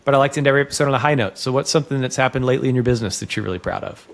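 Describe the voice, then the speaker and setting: A man's voice: mid-range voice, creaky. A man hosting a podcast, asking questions and closing the show in an upbeat way. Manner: upbeat, brisk interviewer. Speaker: podcast host. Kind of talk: interview hosting.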